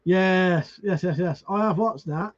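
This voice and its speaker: A man's voice: sits high, unhurried. Guy on a live stream chatting to viewers by name, swears a lot, muffled lo-fi audio. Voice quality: swears freely, restarts words. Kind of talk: casual live-stream chat reading comments.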